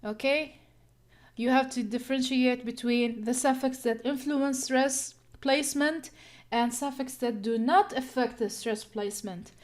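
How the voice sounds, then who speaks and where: A woman teaching English word stress, talking slowly and deliberately, counting out syllables and thinking aloud. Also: high voice. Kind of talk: slow classroom-style lesson, counting syllables.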